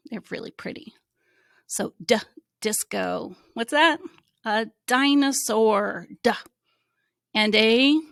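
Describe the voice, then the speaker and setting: A woman who teaches reading, giving a slow, encouraging phonics lesson to young children and sounding out letters. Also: mid-range voice, gravelly, no echo, clean studio sound.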